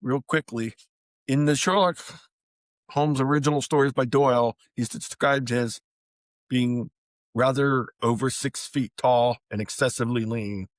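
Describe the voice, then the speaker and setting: A man's voice: medium pitch, steady tone, a little slow, no room sound. Matter-of-fact male podcast co-host. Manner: matter-of-fact, reads out facts. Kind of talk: casual chat.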